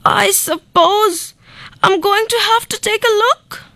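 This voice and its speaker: A girl voicing a terrified old male dentist in a recited poem, speaking in a shrill, panicky way. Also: takes it slowly, bright, forceful tone, no room sound, full character voice. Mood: panicked.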